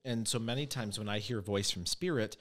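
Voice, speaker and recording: A man's voice: lowish voice, fairly quick. A man hosting a casual chat, telling stories and acting out what people said. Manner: animated storyteller, acts out quotes. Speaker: podcast host and medium.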